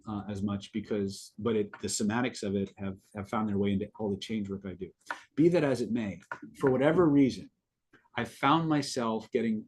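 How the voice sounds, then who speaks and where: He's a middle-aged man hosting a live stream, with a medium-pitched, slightly rough voice. Answering viewers live, he talks casually through a meandering personal story and keeps repeating words.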